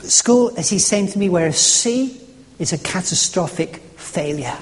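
A man preaching a sermon, telling a story in an earnest, halting way with frequent restarts. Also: high voice, animated, a little hiss or hum. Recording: echoey hall.

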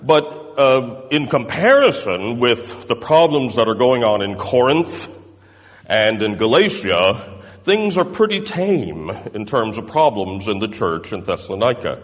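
A man's voice: fairly low pitch, big pitch swings, measured pace. A man preaching a sermon, explaining step by step and checking in with tag questions like "doesn't it?". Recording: reverberant hall.

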